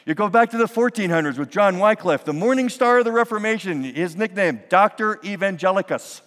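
Animated preacher man in a reverberant hall. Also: high voice, brisk. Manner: animated, building to emphatic peaks. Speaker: pastor. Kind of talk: sermon. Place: church sanctuary.

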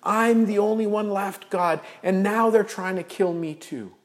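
A preacher voicing a desperate prophet, strained and pleading. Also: male voice, lively intonation, moderate pace, a little mellow. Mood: exasperated. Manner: strained and pleading, rising in pitch.

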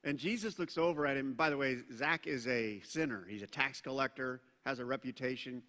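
A man preaching a sermon as pastor, animated and acting out the voices he quotes. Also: mid-range voice, brisk. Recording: long reverb of a large hall.

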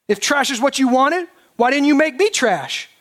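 A furious respectable farm woman hurls her complaints at God in loud, fierce bursts, as a man acts her out. The voice sits high and sharp. She sounds proud and wronged. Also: steady tone, fast. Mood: indignant. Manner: shouting in fierce outbursts.

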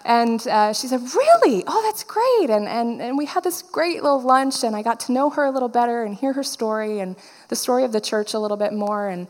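A woman's voice: a little high, a little fast, big-room sound. A woman preacher giving a personal testimony sermon, telling her story and acting out the dialogue.

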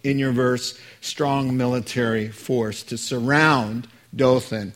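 A man's voice: mid-range voice, fairly even intonation, takes it slowly, a bit bright. A man preaching a sermon as a pastor, conversational and joking with the congregation.

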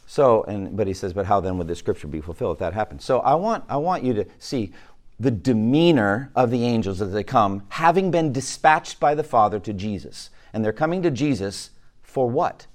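A man's voice: fairly low pitch, sing-song, normal speed. A male pastor giving a conversational sermon, asking his listeners questions and often restarting his words. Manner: conversational teaching, asks the room questions.

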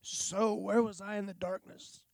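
A man preaching a sermon in an earnest, confessional way, pausing and sighing between thoughts. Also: sits high, level tone, creaky, darkish tone, no echo, clean studio sound.

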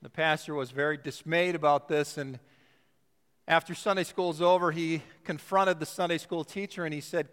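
A man's voice: a little high, steady tone, fairly bright tone. A male pastor preaching a sermon in a church, stressing key words by drawing them out. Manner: emphatic, drawn-out phrasing on key words. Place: church sanctuary. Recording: long church reverb.

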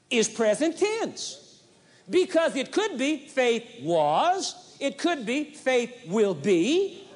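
High-voiced emphatic man preaching. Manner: emphatic, repeats phrases for stress. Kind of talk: sermon. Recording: long hall reverb, 1980s audio tape.

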